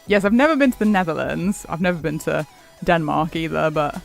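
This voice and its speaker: A man's voice: on the high side, fairly quick, creaky. A man streaming a game, chatting casually and rambling, laughing often as he answers chat. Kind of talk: casual live-stream chat while gaming. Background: faint background music.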